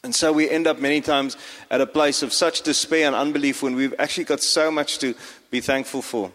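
A man's voice: mid-range voice, fairly even intonation, brisk, fairly bright tone. A pastor giving a sermon to his congregation, talking with frequent fillers and restarts. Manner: hesitant, many fillers and restarts. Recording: long hall reverb.

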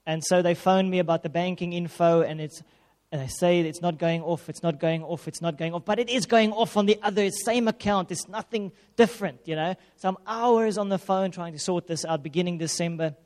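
High-voiced man preaching. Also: a little fast, few pauses. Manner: animated, self-mocking storytelling with laughs. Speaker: pastor. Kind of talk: sermon with a personal story. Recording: long reverb of a hall.

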